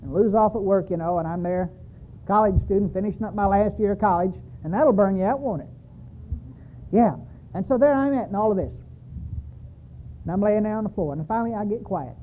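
A man's voice: high-pitched, fairly quick, pauses often, slight background noise. A man preaching a sermon, telling his own story with emphatic repetition. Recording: tinny, phone-like sound.

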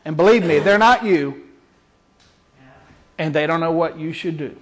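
A man's voice: on the high side, moderate pace. A man minister delivering a sermon with emphatic, dramatic storytelling.

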